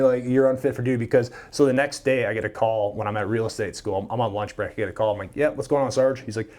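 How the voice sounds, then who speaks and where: A man's voice: medium pitch, quick pace, few pauses. A man in his thirties from Minnesota, a podcast guest telling a story casually, acting out the voices and swearing freely. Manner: animated, swears freely, acts out quoted dialogue.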